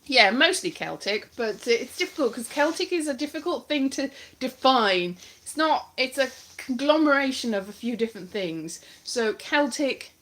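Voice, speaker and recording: Chatty rambling woman streamer, fairly high. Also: animated, normal speed, few pauses, a bit bright. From Wales. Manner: chatty, digressive, self-correcting with frequent laughs. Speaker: livestream host. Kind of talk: rambling casual chat to viewers.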